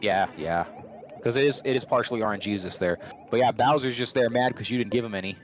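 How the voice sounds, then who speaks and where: A man's voice: mid-range voice, fast talker, muffled recording. A man from California chatting casually over gameplay, ranting profanely with many restarts. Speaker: streamer.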